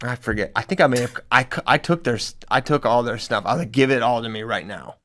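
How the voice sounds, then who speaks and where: A young man tells stories about coaching on a casual podcast. He is animated and often laughs through his own punchlines. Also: mid-range voice, fast talker. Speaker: wrestling coach and podcast co-host.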